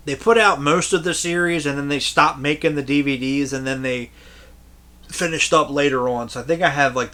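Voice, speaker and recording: A man's voice: medium pitch, bright, forceful tone. A man in his thirties rambling through his movie collection in a casual, crude, profane way, laughing at his own jokes.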